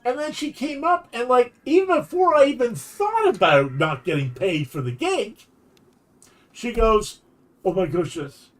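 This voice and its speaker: A man's voice: very high-pitched, sing-song, a little slow. A man streaming while telling a long anecdote in a casual, rambling way, often restarting his sentences. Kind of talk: casual storytelling chat.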